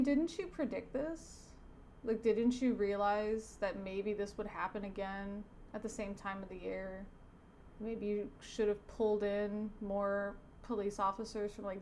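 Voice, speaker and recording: A woman, a teacher by trade, reading a comic aloud in casual commentary, with wry asides and sentences that wander off and trail away softly. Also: mid-range voice, fairly even intonation, measured pace, slight background noise. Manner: digressive, self-correcting, trails off softly. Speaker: teacher reviewing a comic on her channel.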